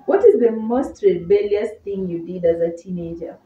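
A woman's voice: medium pitch, normal speed, phone-quality sound. A young woman from Kenya hosting a casual, playful question-and-answer chat with a friend. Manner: giggly, playful, teasing. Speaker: host. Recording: echoey room, distant mic, faint hiss.

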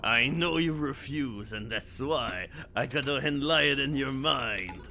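A man's voice: mid-range voice, expressive, slow, slight background noise. A man giving casual, chatty commentary while playing a shooter on stream, swearing freely. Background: loud game music.

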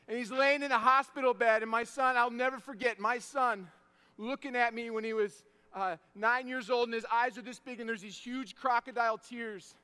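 A man in his thirties preaching an energetic sermon, telling stories, shouting the punchlines and dropping soft for the tender moments. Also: very high-pitched, moderate pace, clear, resonant tone. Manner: animated, shouts punchlines, drops to soft tones for emotional moments.

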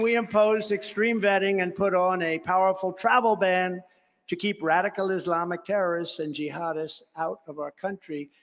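Older guy at a big conference giving a rally speech, fairly high voice, lots of hall echo, repeats himself a lot. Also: a bit bright, slight background noise. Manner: repetitive, emphatic, with conversational asides. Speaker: political speaker. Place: large conference venue.

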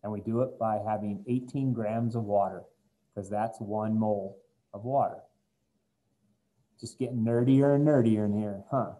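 A man's voice: medium pitch, warm tone, poor audio. A man teaching a chemistry lesson to his students in a chatty, joking way, walking them through worked examples. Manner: jokey, chatty, talks straight to students. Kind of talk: recorded classroom lecture.

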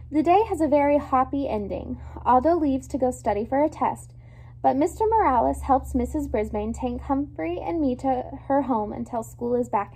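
A woman reads a children's chapter book aloud in a high voice. Her storytelling is expressive and lively, leaning into each scene. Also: gravelly, breathy edge. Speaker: storybook reader.

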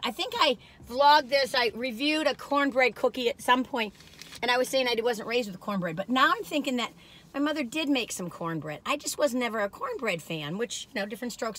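Gushing woman, high bright voice. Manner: gushing, rambling, exclamatory. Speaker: food reviewer. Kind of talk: casual chat while taste-testing.

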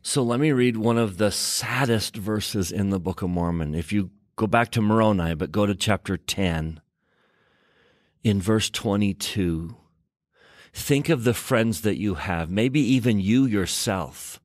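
A man's voice: lowish voice, unhurried, dry recording, clean studio sound. A man hosting a scripture study show, reading verses aloud and stressing key words as he explains them. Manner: emphatic, reads verses aloud and rereads with stress. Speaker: scripture teacher and podcast host.

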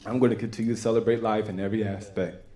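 A young man with a Texan accent giving an earnest, halting personal testimony to a church congregation. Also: lowish voice, level tone, dark tone. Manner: earnest, halting, with many restarts. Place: church sanctuary.

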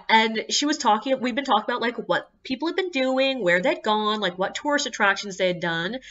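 Bright-voiced woman telling tour stories. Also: highs cut off. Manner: animated, acts out guests in high squeaky voices; exasperated, swears freely. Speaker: ghost tour guide. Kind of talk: casual storytelling monologue.

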